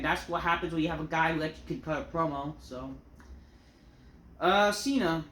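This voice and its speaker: A woman's voice: deep voice, a little hiss or hum. A woman ranting through a wrestling show review, exasperated and full of swearing. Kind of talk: solo review rant. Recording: roomy echo.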